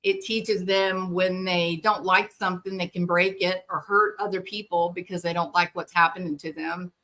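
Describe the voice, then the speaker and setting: Woman, therapist-host type, earnest and lively monologue, bright and forward tone. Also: lowish voice, normal speed. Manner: earnest, animated storytelling with quoted voices. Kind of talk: conversational monologue.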